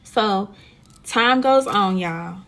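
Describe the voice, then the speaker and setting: A young woman in casual storytime chat, animated and slangy, talking straight to her viewers. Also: medium pitch, very slow, very noisy.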